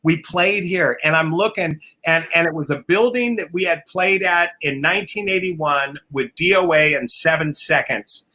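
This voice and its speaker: A man's voice: a little high, normal speed, hardly any pauses, sharp tone. A man telling wild road stories on a casual live video call, laughing often, swearing freely and acting out other people's voices. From family from Oklahoma.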